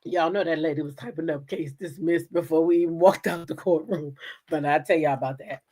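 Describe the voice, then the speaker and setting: A woman's voice: sits low, brisk. A woman host, telling a courtroom story in a casual, dramatic way with many asides to her viewers. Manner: animated, laughing, dramatic retelling with asides to viewers. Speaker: commentary channel host.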